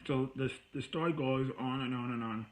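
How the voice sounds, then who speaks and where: A man vents into the camera about a breakup, his mid-pitched voice worn out and weary. He rambles and sighs, then flares into angry outbursts. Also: moderate pace, rough recording. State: tired. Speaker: vlogger. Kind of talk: venting personal story to camera.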